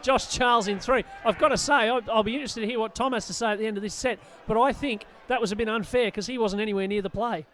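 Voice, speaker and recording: A man's voice: high voice, fairly even intonation, a bit bright. A man giving expert rugby league commentary, chatty and detailed in his breakdowns of the play. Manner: quick, chatty, explains plays in detail.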